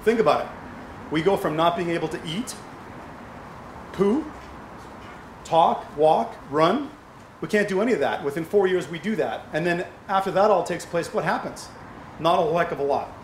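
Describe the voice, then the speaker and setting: Middle-aged guy giving a chatty fundraiser speech, voice a bit high, echoey hall, faint hum behind. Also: animated, moderate pace, pauses often. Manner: anecdotal, asks rhetorical questions. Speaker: speaker at a charity fundraiser. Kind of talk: conversational speech to an audience.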